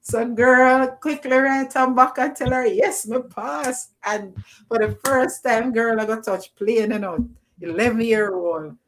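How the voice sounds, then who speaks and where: Lively Jamaican woman telling a story. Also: a little high, unhurried. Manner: animated storyteller slipping into Jamaican Creole. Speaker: guest teacher. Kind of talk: storytelling on a livestream.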